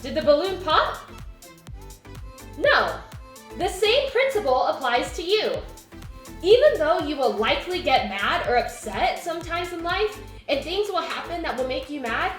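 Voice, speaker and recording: A woman gives a children's object lesson in a high, animated voice, asking the kids questions. The room is echoey, and faint music plays behind her. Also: a little slow. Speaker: children's teacher.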